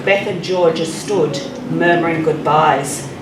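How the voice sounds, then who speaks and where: Woman author, slow reading, echoey room, mic far off. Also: sits low. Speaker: crime writer. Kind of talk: reading from her novel. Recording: echoey room, distant mic, audible noise.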